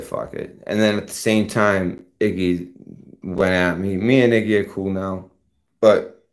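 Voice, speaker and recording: A man hosting his own channel, delivering a confrontational, profane rant straight at a rival. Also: lowish voice. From United States. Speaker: channel host. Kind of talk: heated rant to camera.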